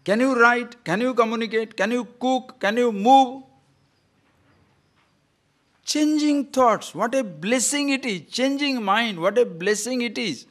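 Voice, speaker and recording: This spiritual teacher, a man from Odisha speaking Indian English with an Odia accent, has a very high voice and a measured pace. His discourse is animated and playful, filled with stories and rhetorical questions.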